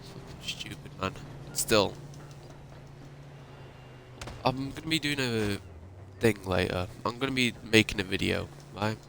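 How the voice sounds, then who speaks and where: A man's voice: fairly low pitch, moderate pace, gravelly, sharp tone, a little hiss or hum. A man ranting in an upset, emotional way and swearing often, as a YouTuber talking to his viewers. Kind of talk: ranting monologue.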